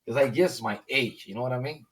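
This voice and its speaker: A middle-aged man chatting casually on a voice call, telling lively stories and acting out old-timers in a high voice. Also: quick pace, a little hiss or hum. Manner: animated storyteller who acts out old-timers in a high voice. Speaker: discord caller. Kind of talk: casual chat. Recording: voice chat over discord.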